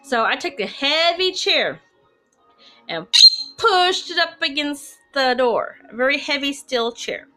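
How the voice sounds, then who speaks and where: A woman's voice: high voice, animated, a little slow, pushed and bright, faint music behind. A woman telling her own ghost story to camera in a casual, chatty way, rambling with asides and restarts. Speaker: storyteller of personal ghost stories.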